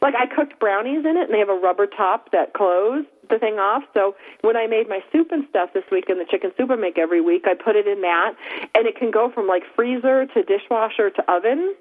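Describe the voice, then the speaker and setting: A chatty woman co-hosts a casual talk show, laughing often and teasing as she goes. Her pitch sits in the middle range. The sound is thin and tinny, as if it came over a phone line. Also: lively intonation, brisk. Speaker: podcast co-host. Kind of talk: casual chat.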